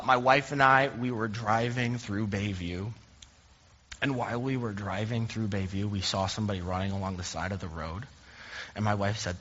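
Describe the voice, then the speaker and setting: Pastor, young adult male, conversational sermon delivery with self-deprecating humor, husky tone, muffled long-reverb room. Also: on the low side, pushed and bright. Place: church sanctuary. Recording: dull recording in a reverberant hall.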